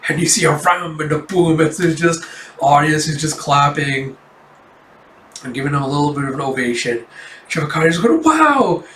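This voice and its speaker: A young man reads and reviews a manga chapter in a rambling, casual way, leaning on fillers. His fairly high voice sounds roomy, as if the mic sits across the room. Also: steady tone, moderate pace, a bit bright, distant mic, slight background noise. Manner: rambling, heavy on fillers like "you know".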